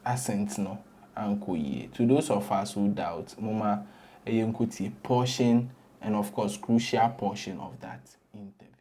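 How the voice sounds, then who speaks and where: A man with a Ghanaian accent hosting an entertainment news show, chatting casually and switching between English and Twi with animated asides. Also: lowish voice, unhurried. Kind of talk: casual gossip commentary mixing English and Twi.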